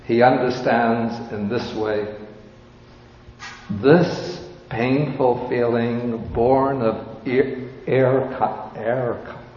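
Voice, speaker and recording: A man giving a dharma talk as a Buddhist teacher, explaining a scripture in a slow, measured, explanatory way. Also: medium pitch, fairly even intonation. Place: large hall with audience. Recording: reverberant hall, dull sound, faint hiss.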